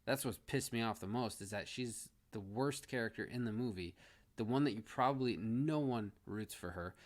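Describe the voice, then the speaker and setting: A man's voice: on the low side, moderate pace. A man giving a casual movie review, blunt and exasperated, ranting with frequent restarts.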